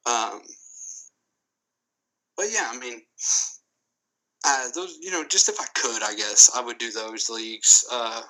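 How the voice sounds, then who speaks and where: A man's voice: mid-range voice, pushed and bright, low-quality recording. A man being interviewed on a casual podcast, talking emphatically, repeating phrases and restarting often. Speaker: guest commentator.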